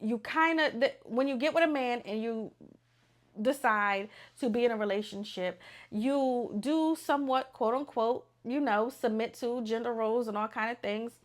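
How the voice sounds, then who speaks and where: A young adult woman hosting a podcast, talking unscripted in a blunt, animated and profane way. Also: on the high side, moderate pace. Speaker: podcast host.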